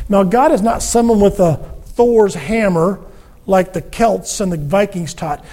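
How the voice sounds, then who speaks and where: A man preaching a sermon on a Bible book, animated and acting out the words of the people he quotes. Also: sits high. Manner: animated, acts out quoted speech.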